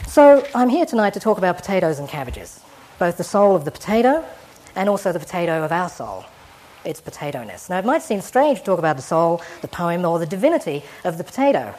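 Wry, lower-voiced woman giving a public lecture. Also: mellow. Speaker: guest lecturer.

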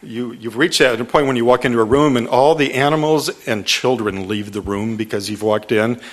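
Animated man telling an author's story. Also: medium pitch, normal speed. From Detroit, USA. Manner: storytelling, animated with laughter, many restarts. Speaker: author giving a talk. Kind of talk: public book talk.

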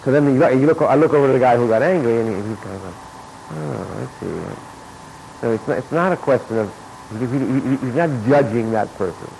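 A man teaching as an acting coach, talking in an informal lecture and acting out replies in sudden high bursts. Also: quick pace. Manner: animated, acts out his own and students' replies in sudden high bursts. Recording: noisy recording with steady background noise.

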